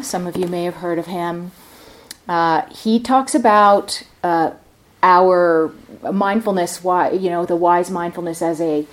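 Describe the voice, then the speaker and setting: A woman meditation teacher giving a reflective dharma talk at a retreat center, thinking aloud as she explains. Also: fairly low pitch.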